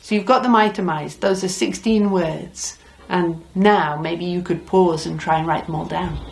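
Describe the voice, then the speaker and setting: A woman's voice: fairly low pitch, steady tone, normal speed, vocal fry. A middle-aged woman teaching a language lesson, patiently repeating words for learners. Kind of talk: slow, deliberate Spanish lesson.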